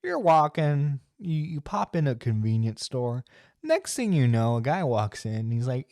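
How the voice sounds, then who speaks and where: A man's voice: mid-range voice, very animated, measured pace, darkish tone, dry recording, clean studio sound. A man reacting to a livestream clip, laughing and mocking crudely for his chat. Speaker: streamer reacting to clips. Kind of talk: reaction commentary.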